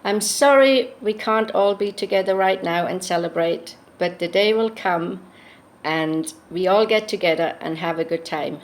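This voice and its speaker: A woman's voice: lowish voice, normal speed. A woman recording her first birthday video, offering plain, kindly wishes. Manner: plain, kindly well-wishing. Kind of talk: casual birthday message. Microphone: phone or webcam.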